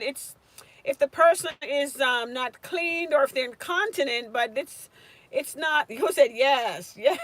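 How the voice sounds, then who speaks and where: A woman's voice: high-pitched, fairly bright tone, no room sound. A woman tutoring nursing students on a casual live stream, chatting and answering viewers' comments by name.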